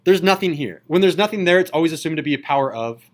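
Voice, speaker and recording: A man teaching a high school calculus class, lively and enthusiastic, often checking in with students. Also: quick pace. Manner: enthusiastic, asks students questions. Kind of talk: classroom lecture.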